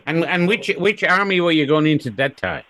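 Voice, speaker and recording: A man's voice: a little high, brisk, bright, forceful tone. A male Australian interviewer who encourages his guest and laughs easily. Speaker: interviewer host.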